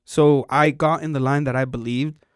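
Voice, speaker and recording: In clean, echo-free studio audio, a man hosting a podcast spins a story with profane, casual chatter. His mid-range voice moves at normal speed, and he animatedly acts out other people's quotes.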